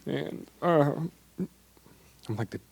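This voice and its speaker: A young man speaking to an audience as a parent, in a halting, hesitant way with many ums. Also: on the low side, steady tone, darkish tone, no echo. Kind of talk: personal speech at an event.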